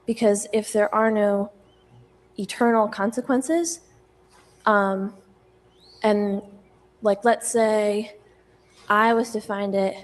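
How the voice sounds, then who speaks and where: Young woman, hesitant, lots of fillers, mid-pitched, hall reverb. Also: fairly even intonation, slow pace, pauses often. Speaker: audience questioner. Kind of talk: audience question at a debate.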